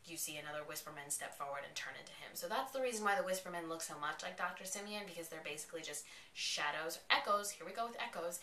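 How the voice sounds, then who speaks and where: A woman excitedly recapping a TV episode in a casual, rambling way, her voice bright and forceful. She sits back from the mic in a roomy, echoing space with a faint hum behind her. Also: on the low side, fast. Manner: excited, chatty retelling full of "like". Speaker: TV episode reviewer. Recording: echoey, distant from the mic.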